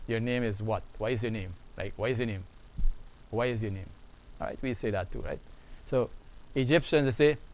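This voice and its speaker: A man teaching a beginners' Arabic lesson, speaking slowly and repeating phrases for the learner to copy. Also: mid-range voice, low-quality recording. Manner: slow, repetitive, drills phrases aloud. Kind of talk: online language lesson.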